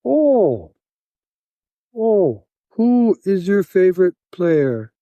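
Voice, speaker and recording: A man's voice: high voice, sing-song, dark tone, no room sound, muffled recording, pitched above the performer's own voice, heavily acted. A man putting on the voice of a big Russian soldier interrogating him in clipped, broken English. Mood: gruff. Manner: clipped, halting English, blunt.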